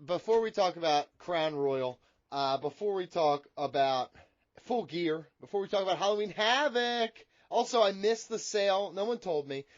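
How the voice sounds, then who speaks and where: High-voiced, crude joking male host. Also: animated, moderate pace, no echo, dull audio. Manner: crude, profane, rambling joking. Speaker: podcast host. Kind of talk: casual chat.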